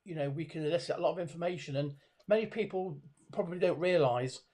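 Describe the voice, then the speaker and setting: A middle-aged man with a somewhat high voice talks as an expert guest over a webcam call. He hesitates often, restarting phrases and filling gaps with ums and you-knows. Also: fast talker, a little mellow. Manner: hesitant, many fillers and restarts. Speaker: body language expert guest. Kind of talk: conversational video call interview. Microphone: video call webcam.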